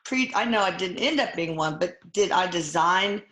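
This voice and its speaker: An older woman with a lowish, lively, slightly bright voice hosts a casual chat, recorded with roomy sound and a little hiss or hum. She retells a hard experience emotionally, halting and restarting often.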